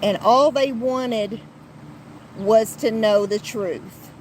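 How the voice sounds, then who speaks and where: A woman hosts her podcast in a slow, unhurried voice that is plain and outspoken. She restarts her sentences often and swears when she gets heated. Faint traffic noise sits behind her. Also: a little high, a little mellow, poor audio. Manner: blunt and heated, with frequent restarts and profanity. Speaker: podcast host. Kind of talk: casual commentary podcast.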